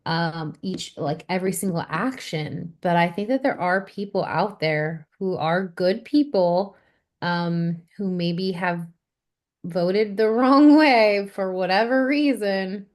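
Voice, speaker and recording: A woman's voice: mid-range voice, slow pace. A woman in her thirties co-hosting a casual podcast, giggly and hesitant, with many fillers. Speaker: podcast co-host. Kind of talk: casual chat.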